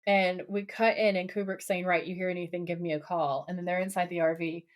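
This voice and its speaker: A woman co-hosting a podcast in casual chat, recapping a TV episode with lively, laughing quotes of the characters. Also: fairly low pitch, a little fast. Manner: animated, laughing, quoting characters in playful voices.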